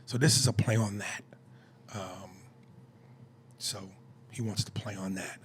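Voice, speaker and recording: A man's voice: lowish voice, fairly even intonation, a little slow, slight background noise. A man co-hosting a comedy podcast, chatting loosely and joking, reading out listener emails and answering them. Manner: loose, joking, puts on silly voices, reads listener emails. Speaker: podcast co-host. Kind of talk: casual comedy podcast chat.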